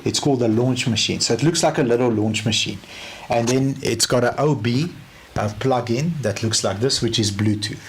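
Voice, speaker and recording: Animated South African man telling a story. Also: mid-range voice, moderate pace. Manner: animated, acts out both sides of a story. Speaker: car sales trainer. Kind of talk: casual storytelling training talk.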